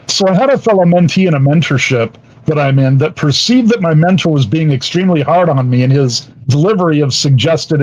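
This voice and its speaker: A man co-presenting a live show, telling a story from his own experience in a measured, plain way. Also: a little high, muffled recording. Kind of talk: telling a story to an online audience.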